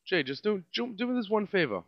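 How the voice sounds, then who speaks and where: New York accent man, sarcastic comedic rant, high lively voice, dry muffled recording. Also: brisk, no echo. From Staten Island, New York. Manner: sarcastic, mocking, swings between loud and muttered. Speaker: podcast host.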